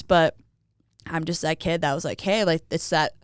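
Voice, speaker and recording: A young woman speaks in a pitch a little lower than most women's. Her voice is very smooth and clean. The recording is dry and close. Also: brisk, dry recording. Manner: animated, acts out quoted voices, frequent "like". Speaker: guest. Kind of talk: casual conversational storytelling.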